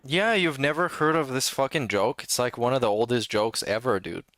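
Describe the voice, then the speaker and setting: A man's voice: medium pitch, normal speed, a bit bright. A man in casual chat, blunt and argumentative.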